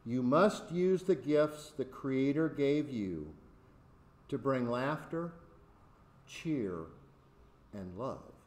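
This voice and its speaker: A man voicing a gentle, wise old male dog in a storybook fable, speaking consolingly. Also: medium pitch, expressive, drawn-out words, pauses often, reverberant.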